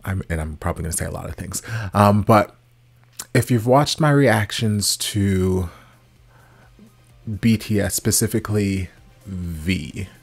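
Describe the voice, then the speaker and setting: A man hosting a music reaction video, chatting casually and gushing with animated swings, sometimes whispering. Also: deep voice, a little slow, gravelly, long pauses, husky.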